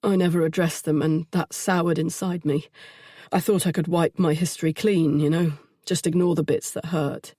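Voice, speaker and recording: A woman voicing a troubled young man in an audiobook, speaking softly and haltingly as he confesses. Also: low-pitched, steady tone, breathy edge, no echo, clean studio sound. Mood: remorseful. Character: troubled young adult man, weary and remorseful.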